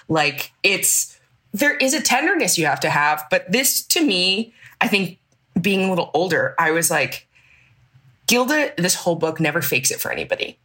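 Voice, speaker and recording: A woman's voice: on the low side, animated, sharp tone. A woman guest on a podcast, talking candidly and reflectively in a casual chat. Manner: candid and reflective, quick to laugh.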